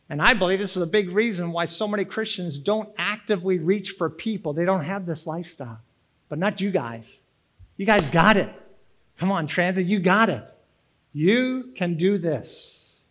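A man, preaching a folksy, energetic sermon and urging the congregation to answer back. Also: high voice, a little slow. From Boston area, Massachusetts. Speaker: pastor. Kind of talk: sermon with personal story.

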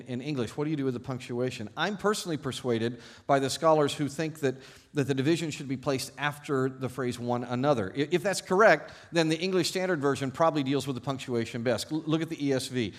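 A male pastor preaching a sermon to his congregation, telling stories with animated, self-deprecating humor and playful irony. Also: mid-range voice, a little fast. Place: church service before a congregation.

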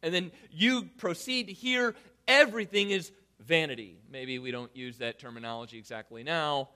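A man delivering a sermon in a high, bright, forceful voice. He swings between ringing emphasis and hushed, dropped-off endings. He stacks his points in rhythmic repeated phrases. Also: moderate pace. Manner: dynamic, swinging from loud emphasis to quiet, low asides; rhetorical, builds lists of repeated phrases. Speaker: pastor.

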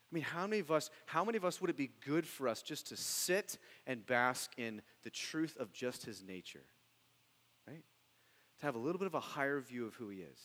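A man preaching a sermon, animated, dropping to hushed tones and then rising into loud, excited bursts. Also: lowish voice, long reverb tail, slight background noise, poor audio. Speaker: pastor.

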